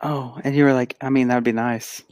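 A man co-hosting a podcast, telling an animated, casual story and acting out the quotes. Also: mid-range voice, fairly quick, highs cut off, slight background noise. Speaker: podcast co-host; pediatric physical therapist. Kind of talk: casual chat.

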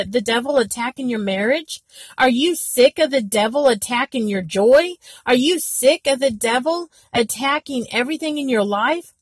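A woman with a drawl speaks with fervent urgency, firing off repeated rhetorical questions as she rallies her viewers in faith. Her voice sits a little high and has a husky, breathy edge. The sound is close and dry, with no room around it. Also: no echo. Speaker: Christian vlogger giving spiritual encouragement. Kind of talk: impassioned faith exhortation to viewers.

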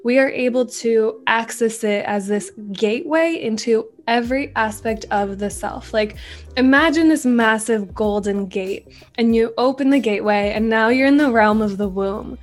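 A woman's voice: on the high side, moderate pace, soft background music. A woman who is a podcast guest, talking in an earnest, reflective and flowing way in a casual conversation.

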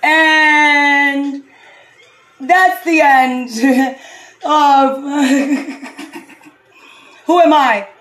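A woman's voice: sits high, steady tone, very slow, pauses often, fairly bright tone, slight background noise. A woman hosting a podcast, running a comic call-in bit in a playful way and laughing often. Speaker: podcast host.

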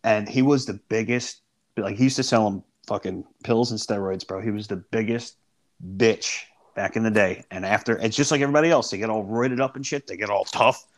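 A man's voice: fairly low pitch, brisk. Slangy, profane young man bantering. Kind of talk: casual chat.

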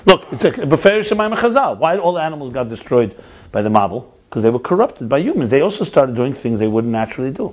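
A man holds the floor in a casual group talk, animated and quick to restart or repeat his words. His voice sits at an ordinary middle pitch. The recording is muffled and low-fidelity. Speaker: lead speaker in a group discussion. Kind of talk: casual discussion and storytelling. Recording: dull lo-fi recording.

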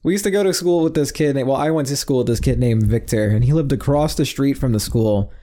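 Dark-voiced rambling male podcast host. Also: mid-range voice, fast. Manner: rambling, swearing, loses his train of thought. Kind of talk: casual chat.

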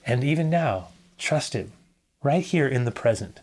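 A man's voice: mid-range voice, expressive, normal speed. A middle-aged man preaching a sermon as a pastor, earnest, repeating key phrases and sometimes dropping almost to a whisper.

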